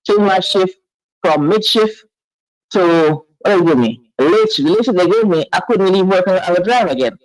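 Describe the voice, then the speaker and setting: Woman, caller, halting, repeats phrases, earnest, dry sound. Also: on the low side, animated, darkish tone, dry recording, low-quality recording. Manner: emotional, earnest. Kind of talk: phone-in chat.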